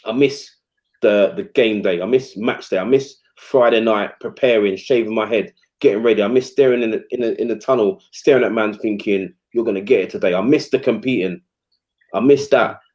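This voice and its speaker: Animated man telling football stories. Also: fairly low pitch, brisk, highs cut off. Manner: animated, acts out quotes, many fillers. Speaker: former footballer guest. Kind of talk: casual storytelling chat.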